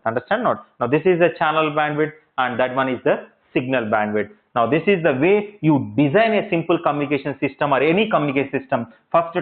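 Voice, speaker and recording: A male lecturer teaching in a classroom, repeating points and checking understanding with rhetorical questions. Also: medium pitch. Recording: tinny phone-like audio.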